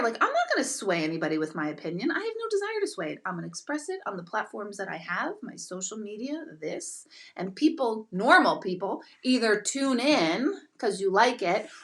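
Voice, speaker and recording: Emphatic woman ranting, lively and bright. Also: on the high side. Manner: emphatic, self-mocking, laughs often. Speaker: intuitive and meditation teacher hosting a live stream. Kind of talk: casual live-stream rant.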